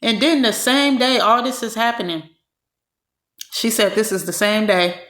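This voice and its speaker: A woman's voice: fairly high pitch, normal speed, a bit bright. Blunt vlogger woman in a roomy space. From California. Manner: blunt, exasperated, talks straight to viewers. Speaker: vlogger commenting on a clip. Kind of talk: casual commentary to viewers. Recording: roomy echo.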